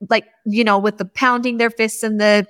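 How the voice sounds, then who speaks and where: Lively higher-voiced woman telling stories. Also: normal speed, clear, resonant tone, no room sound, clean studio sound. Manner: animated storyteller acting out quotes. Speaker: podcast host. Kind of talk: casual chat.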